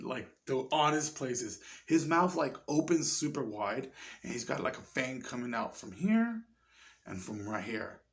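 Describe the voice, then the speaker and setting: A man reviewing a horror movie in a casual, rambling way, swearing often and getting excited. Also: on the high side. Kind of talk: casual chat.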